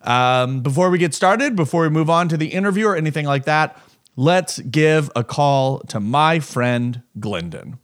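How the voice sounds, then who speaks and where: A man's voice: fairly high pitch, expressive, normal speed. A man hosting his own podcast, a stand-up comic telling a rambling, self-deprecating bit with lots of fillers and acted-out voices. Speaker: podcast host and stand-up comedian. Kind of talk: casual comedic monologue.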